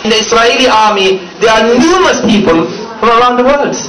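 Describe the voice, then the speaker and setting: A man's voice: extremely high pitch, lively intonation, brisk. A man preaching to a crowd in a mocking tone, laughing between lines and firing off rhetorical questions. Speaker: speaker addressing a gathering. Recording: echoey hall, distant mic, background noise.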